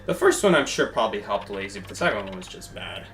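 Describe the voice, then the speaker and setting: A man's voice: on the low side, very animated, quick pace, a bit bright, a little hiss or hum. A young man giving chatty, casual commentary while live-streaming a game and thanking his viewers.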